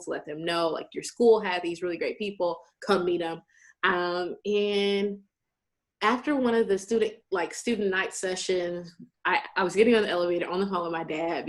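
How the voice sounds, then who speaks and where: A woman in her twenties hosting a casual chat, telling stories with animation and acting out the people she quotes. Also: lowish voice. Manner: animated storyteller who acts out quoted people. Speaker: host.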